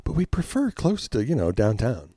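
A man's voice: medium pitch, huge pitch swings, moderate pace, dark tone, husky, no room sound, clean studio sound. A man co-hosting a comic book podcast, joking and swearing in loose banter. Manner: joking, profane, does silly voices. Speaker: podcast co-host. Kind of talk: casual banter.

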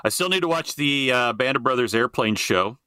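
Rambling middle-aged man with a forceful voice. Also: medium pitch, expressive, normal speed, clear, resonant tone, no echo, clean studio sound. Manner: rambling, swears freely, trails off and restarts. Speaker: podcast co-host. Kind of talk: casual chat.

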